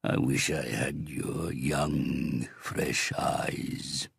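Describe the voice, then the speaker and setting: Audiobook villain: a man doing a big crime boss, slow, booming and mocking, gravelly and deep. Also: a bit bright, no room sound, full character voice. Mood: mocking menace. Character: huge menacing crime boss, theatrical.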